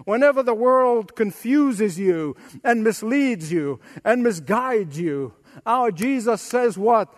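A man's voice: high voice, expressive, slow, in a large hall. A man preaching an emphatic sermon as pastor, acting out quotes.

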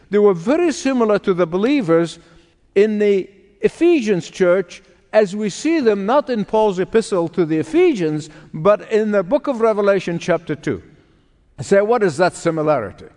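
A male pastor delivering a sermon with a fairly high voice, driving his points home through repetition and calls to the congregation. The sound carries the long reverb of a church sanctuary.

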